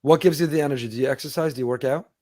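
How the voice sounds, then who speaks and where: A man hosting a podcast interview, asking questions and heaping brisk praise on his guest. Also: mid-range voice, a little mellow, no echo, studio quality. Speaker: podcast host.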